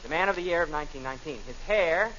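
A man hosting a 1940s radio comedy show, with a brisk announcer delivery and frequent laughs. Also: on the high side, sharp tone, slight background noise. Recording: dull lo-fi old radio broadcast.

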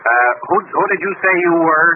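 A man's voice: on the high side, fairly quick, narrow, tinny audio, noisy background. A man as a radio comedian in a 1930s broadcast comedy dialogue, spinning bumbling absurd tall tales.

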